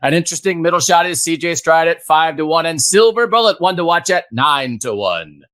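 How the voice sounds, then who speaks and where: A man's voice: fairly high pitch, animated, a bit bright, pitched above the performer's own voice. A man putting on a revved-up race announcer. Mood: excited. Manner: brisk play-by-play calling. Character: excited male horse-race announcer. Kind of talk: mock race call.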